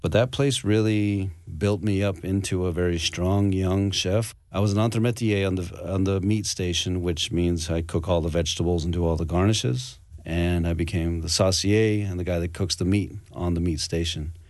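A man in his forties from Arizona, a chef guest in a radio interview, speaking earnestly and reflectively with pauses. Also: low voice, fairly even intonation, a little mellow, no echo, studio quality. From Arizona, USA. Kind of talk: interview storytelling.

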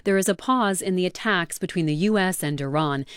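A woman reading a radio newscast in a measured, formal delivery. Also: fairly low pitch, smooth, no echo, clean studio sound.

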